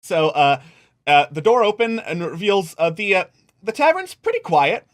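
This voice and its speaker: Brief: man as game master, halting and filler-heavy, animated and a little high. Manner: hesitant, filler-heavy narration. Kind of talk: narrating a tabletop game.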